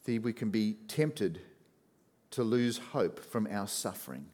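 A man preaching a sermon, swinging from loud emphatic rises to hushed, low passages as he reads scripture. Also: lively intonation, a little slow.

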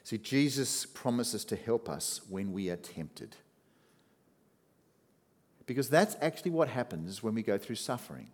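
A man's voice: very animated, a little slow, long pauses. Man preaching with dramatic swings in volume. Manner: dynamic, swinging from loud emphatic rises to hushed low passages. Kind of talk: sermon.

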